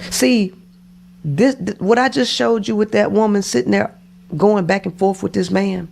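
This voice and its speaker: A man's voice: sits high, steady tone, normal speed, gravelly, darkish tone, a little hiss or hum. A man giving reaction commentary on dating, preaching and leaning on the word "see" as he lectures.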